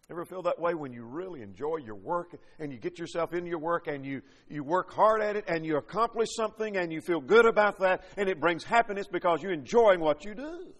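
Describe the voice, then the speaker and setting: A man's voice: on the high side, a bit bright, big-room sound. A man preaching a sermon, reading scripture and building points with rising and falling emphasis.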